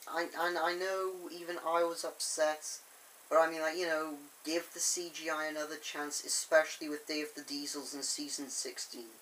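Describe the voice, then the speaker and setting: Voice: medium pitch, steady tone, moderate pace, a bit bright, a little hiss or hum, rough recording. Rambling fan reviewer. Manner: enthusiastic, chatty, with many fillers. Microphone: camera on a tripod.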